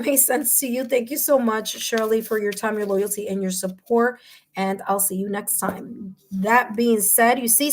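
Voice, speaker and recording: A woman's voice: a little high, a bit bright. A woman hosting a live tarot stream, chatting effusively with viewers and reading their comments aloud. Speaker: tarot reader and livestream host.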